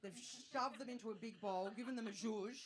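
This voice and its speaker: A woman in her thirties with an Australian accent, performing a stand-up comedy set, chatty and self-mocking with quick asides to the crowd. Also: fairly high pitch. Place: comedy venue stage with live audience. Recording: live show with audience noise.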